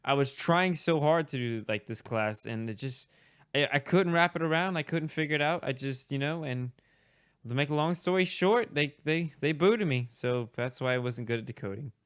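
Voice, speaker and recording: A man's voice: a little high, animated, normal speed, clean tone, dry recording, clean studio sound. A young man streaming, improvising a comic story in a rambling, hesitant way with many restarts.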